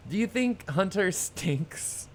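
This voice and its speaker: A man's voice: high-pitched, expressive, takes it slowly, background noise. A man giving casual, rambling commentary over a video game he is playing, sarcastic and swearing when annoyed. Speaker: let's play streamer. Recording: faint game music behind.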